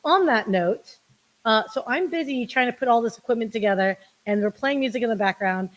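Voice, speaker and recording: A woman producing and co-hosting a podcast, talking in loose, laughing chat with plenty of ums. Her voice sits fairly high. She jokes at her own expense as she goes. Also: lively intonation, fairly quick. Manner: laughing, self-deprecating, rambling with fillers. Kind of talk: casual chat. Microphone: one shared microphone.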